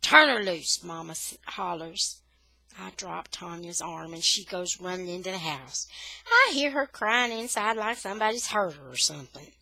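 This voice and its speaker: Bright-voiced woman reading a story aloud. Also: lowish voice, normal speed, no room sound, low-quality recording. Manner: expressive storytelling. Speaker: reader. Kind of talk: reading a children's novel aloud.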